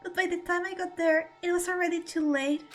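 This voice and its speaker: A woman's voice: very high voice, steady tone, fairly quick, soft background music. A woman streamer reading video game dialogue aloud, dramatic and emotional, close to tears.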